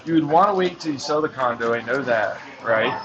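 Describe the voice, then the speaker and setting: A man's voice: medium pitch, a little fast, a loud crowd. A young man arguing animatedly with his parents over dinner, pleading and restarting his sentences. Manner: animated, pleading, with many restarts and mock-quotes. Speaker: son talking with his parents. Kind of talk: casual family argument. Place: busy restaurant. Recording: muffled recording in a loud crowded restaurant.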